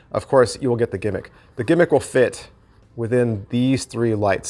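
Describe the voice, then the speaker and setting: Middle-aged man, channel host, casual product review, animated, repeats himself, mid-pitched voice. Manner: animated, chatty, repeats phrases for emphasis.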